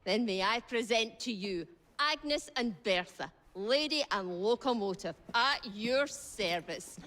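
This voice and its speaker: A woman's voice: on the high side, animated, slow, fairly bright tone. An actress voicing a shrewd, blunt older woman who drives a train in a game, speaking in a Scottish accent with folksy, old-fashioned turns of phrase. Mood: wry. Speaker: game character.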